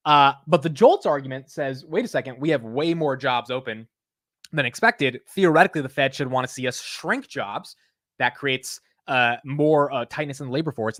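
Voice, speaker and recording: A man hosting a casual livestream of market commentary, animated and blunt, swearing casually. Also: medium pitch, no room sound, studio quality. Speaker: host.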